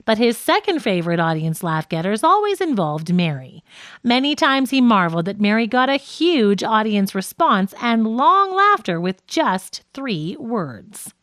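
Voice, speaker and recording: A woman reading a nonfiction audiobook with clear, measured narration. Her voice sits a little high and moves with a lively melody. The recording is close and dry. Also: no echo.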